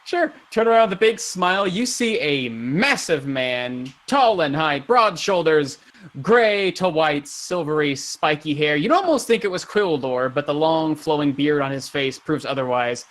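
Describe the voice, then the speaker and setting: Acting as game master for a tabletop game, this man narrates scenes descriptively and at ease. His voice is fairly high and his pace a little slow.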